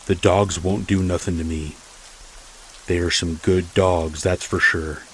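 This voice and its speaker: A man voicing a drunk, menacing rural neighbor who talks slowly in a manipulative way. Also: deep voice, a little hiss or hum. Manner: slow, flat, manipulative.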